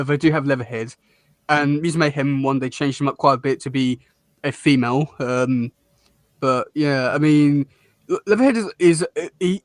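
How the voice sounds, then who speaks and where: Guy rambling through a cartoon review, laughs a lot, a bit high, dry close mic. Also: no room sound. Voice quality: rambling, restarts, laughs often. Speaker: podcast co-host. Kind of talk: casual chat reviewing a cartoon.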